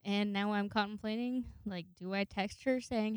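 A woman's voice: mid-range voice, steady tone, normal speed, darkish tone, clear, resonant tone, no echo, studio quality. A young woman in her twenties telling a rambling, profanity-laced story in a casual monologue, acting out the voices of the people in it. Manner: rambling, swears a lot, acts out voices in quotes.

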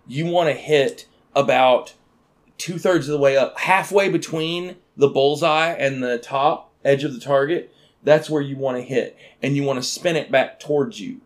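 A man telling a story in casual chat, acting out quotes with sudden loud outbursts. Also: mid-range voice, normal speed.

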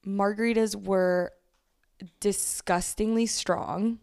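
A woman's voice: mid-range voice, fairly even intonation, slow pace, gravelly, darkish tone, clean tone. A young woman from Texas co-hosting a podcast, telling a rowdy story in casual, profane chat full of laughs and "like"s. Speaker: podcast co-host.

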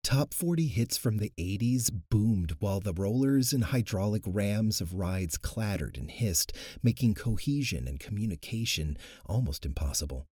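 A man narrating an audiobook in an expressive, animated way, close to the mic. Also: fairly low pitch, normal speed, few pauses, slightly rough, no echo.

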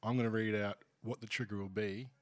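A man's voice: fairly low pitch, steady tone, brisk, no room sound. A man with an Australian accent co-hosting a casual sports podcast, joking in a dry, offhand way. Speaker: podcast co-host. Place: small room at a table.

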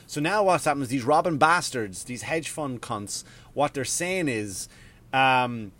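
A man, maybe, hosting a podcast in a profane, rambling, animated rant. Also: medium pitch, measured pace. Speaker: podcast host. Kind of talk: casual ranting monologue.

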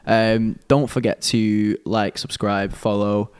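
A man's voice: lowish voice, level tone, slow pace, a little mellow, smooth. A young man, co-hosting a casual podcast, jokey and laughing often. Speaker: podcast co-host. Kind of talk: casual chat.

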